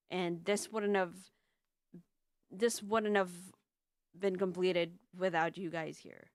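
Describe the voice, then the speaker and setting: A woman's voice: lowish voice, clear, resonant tone, no echo. A young woman leading a voice-dubbing group, thanking her team in casual, rambling chat with many restarts. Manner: effusive, grateful, rambling with restarts.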